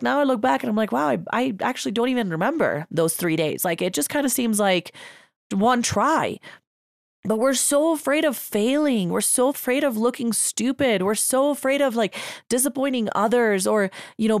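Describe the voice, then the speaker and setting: A woman's voice: fairly high pitch, gravelly, no room sound, clean studio sound. A young woman hosting a podcast, giving a casual, emphatic motivational monologue full of filler words. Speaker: podcast host.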